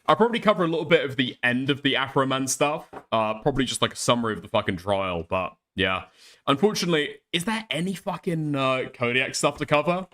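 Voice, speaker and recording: A man's voice: mid-range voice, quick pace, bright, forceful tone. A man hosting a casual reaction stream, rambling with profane, laughing asides. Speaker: streamer host.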